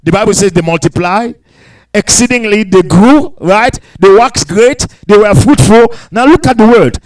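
Very high-voiced male preacher. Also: normal speed, a little mellow, rough recording. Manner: preaching, reading scripture aloud with interjections of hallelujah; asks the congregation questions, repeats phrases. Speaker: pastor. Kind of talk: sermon.

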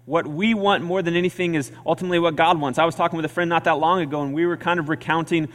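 A man's voice: on the high side, steady tone, fast, a bit bright. Earnest man preaching in a reverberant hall. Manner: earnest, conversational preaching with repeated phrases. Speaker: pastor. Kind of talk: sermon.

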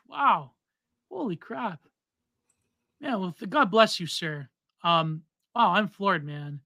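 A man in his thirties co-hosting a casual podcast, reading out donations with loud, excitable exclamations. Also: high voice, slow, pauses often, dry recording. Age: 30s. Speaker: podcast co-host.

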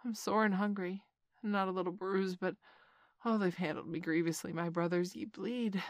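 A woman voicing a young jungle boy who speaks in a high, urgent, earnest way. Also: fairly even intonation, normal speed, no room sound, close to an everyday voice. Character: young boy raised by wolves, eager.

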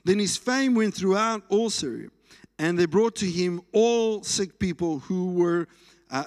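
A man with a South African accent preaching a sermon in a church, animated and playful. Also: sits high. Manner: animated, playful preaching with food talk and shouts. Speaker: pastor. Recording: reverberant church hall.

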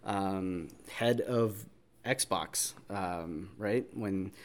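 A man's voice: sits low, drawn-out words, over a noisy crowd. A man co-hosting a casual video call chat, rambling and hedging as he explains things. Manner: rambling, lots of fillers and hedges. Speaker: podcast co-host.

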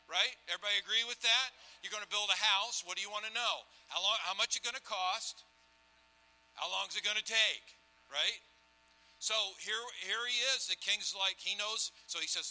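Pastor, male, brighter voice, pitch a touch high, animated sermon delivery with a faint hum underneath. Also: normal speed, rough recording. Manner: animated, swings between loud preaching and quiet storytelling.

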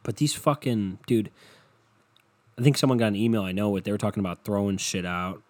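Sleepy guy rambling on his podcast, lowish voice, swears a lot, deadpan. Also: a little fast. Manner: profane, meandering and deadpan, with frequent swearing. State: tired and yawning. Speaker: podcast host. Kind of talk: rambling solo podcast monologue.

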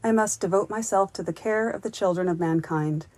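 A woman's voice: mid-range voice, brisk, darkish tone, no echo, natural voice. A woman voicing an earnest, grateful young man who leaves the forest, speaking solemnly and formally.

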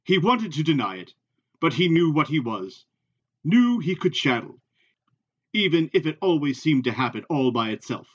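A man reading a novel aloud in a measured, even way. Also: a little high, husky, muffled recording. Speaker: reader.

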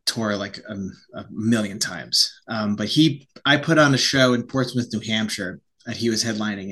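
This podcast co-host has a fairly low, slightly bright voice. In casual conversation he rambles and keeps restarting his sentences.

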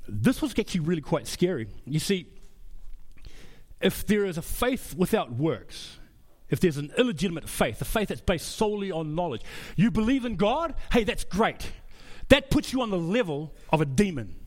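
Lively high-voiced male preacher. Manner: impassioned, repeats phrases, frequent restarts. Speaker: pastor. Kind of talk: sermon. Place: church.

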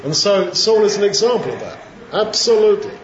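A man's voice: sits high, very animated. Man teaching scripture in an echoey room. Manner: reflective, conversational, with fillers and pauses. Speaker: Bible teacher. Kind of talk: informal Bible teaching. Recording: roomy, dull lo-fi sound.

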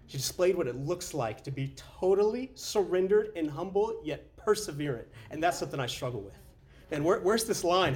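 A man preaching a casual, conversational sermon as a pastor, often saying "man" and restarting his sentences. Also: sits high. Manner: conversational, says "man" a lot, with frequent restarts.

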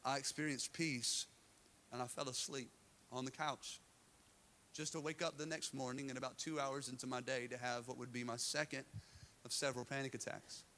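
A man's voice: mid-range voice, fairly even intonation, moderate pace, pushed and bright, a little hiss or hum. A male pastor preaching to a live church congregation, telling a candid personal story with self-deprecating humor. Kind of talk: sermon.

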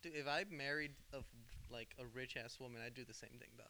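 A man's voice: medium pitch, fairly even intonation, fast, pushed and bright, rough recording. A young man from Southern California chatting casually in a laid-back way. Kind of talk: casual chat. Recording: faint hiss.

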